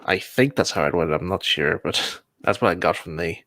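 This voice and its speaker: Young male host, low, rambling, casual, dry close sound. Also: normal speed, bright, forceful tone, no echo. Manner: rambling, laughing, self-correcting. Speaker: livestream host. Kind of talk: casual chat while building models.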